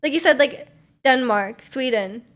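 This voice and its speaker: Higher-voiced young woman streamer, rambling. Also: a little slow, fairly bright tone. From North America. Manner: rambling, filler-heavy, giggly. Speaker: livestream host. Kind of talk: casual stream chat.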